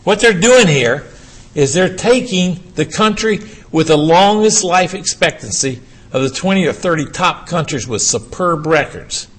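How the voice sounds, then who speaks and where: An older man lectures an audience on urology, speaking emphatically and with animation while peppering the room with rhetorical questions. His voice is slightly high, and he keeps a measured pace.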